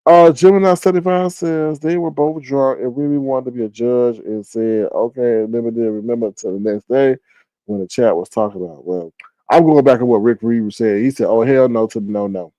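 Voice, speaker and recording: Hosting his own live stream, a man delivers casual, ranting commentary, animated and sarcastic, mocking quotes with sudden high squeals. His pitch is average for a man and he talks a little fast. The sound is dry and close, without room echo.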